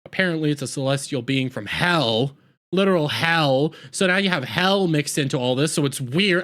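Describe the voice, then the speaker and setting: Rambling, sarcastic man with a high voice. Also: normal speed, a bit bright. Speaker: TV episode reviewer. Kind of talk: casual recap review.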